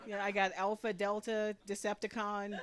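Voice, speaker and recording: A woman's voice: medium pitch, little pitch movement, normal speed, noisy background. A woman in her forties doing a stand-up comedy set on a live stage, with a brash, profane, punchy delivery. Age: 40s.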